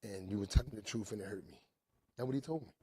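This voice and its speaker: A man's voice: fairly low pitch, fast, breathy edge. A man in his forties from telling his recovery story to inmates, checking in often with "right?". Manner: animated storytelling, repeats "right?". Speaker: recovery speaker. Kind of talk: testimony talk to inmates.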